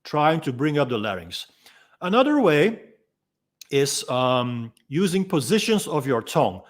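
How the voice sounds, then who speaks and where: This is an instructional demo from a male freediving instructor whose first language is Dutch. Calm and unhurried, he talks through the technique in a somewhat high voice, stopping often with soft ums between ideas.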